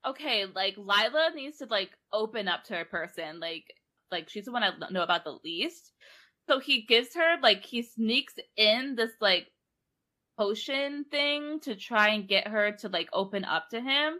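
A woman's voice: on the high side, animated, measured pace, sharp tone. A young woman casually recapping a book on a podcast, rambling, laughing and acting out characters' lines. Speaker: podcast co-host. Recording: online call recording.

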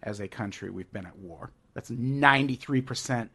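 A man's voice: mid-range voice, moderate pace, bright, forceful tone, husky. A man in a casual comedic podcast chat, leading the topic and reading out facts.

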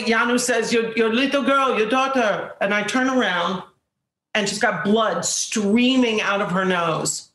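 A woman guest telling a lively anecdote in casual talk, acting out the people she quotes. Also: medium pitch, echoey room. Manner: animated storyteller, acts out quotes.

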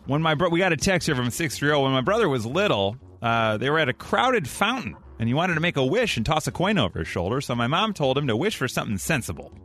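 A man's voice: on the high side, big pitch swings, quick pace, hardly any pauses, fairly bright tone, soft background music. A man hosting a morning radio show, joking around, laughing often and reading out listener texts. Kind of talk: casual radio banter.

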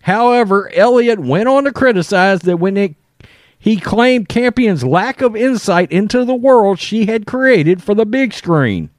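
A man delivers opinionated news commentary, blunt and profane. His voice sits high and swoops around a lot as he speaks slowly and deliberately. The sound is dry and close. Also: animated, no echo.

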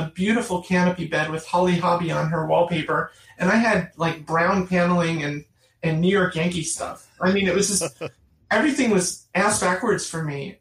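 A middle-aged woman telling her personal story in an interview, earnest and emphatic, repeating phrases for stress. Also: on the low side. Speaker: guest. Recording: roomy, distant mic.

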